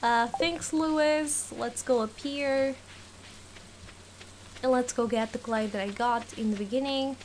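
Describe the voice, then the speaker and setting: A woman's voice: on the high side, fairly even intonation, measured pace, darkish tone, a little hiss or hum. A young woman giving casual gameplay commentary, giggling often, playfully exasperated, and talking to the game's characters. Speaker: let's play gamer.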